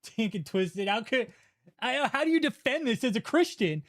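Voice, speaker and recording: High-voiced man in a profane rant. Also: big pitch swings, moderate pace. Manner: angry, profane, ranting. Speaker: channel host. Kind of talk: livestream commentary rant.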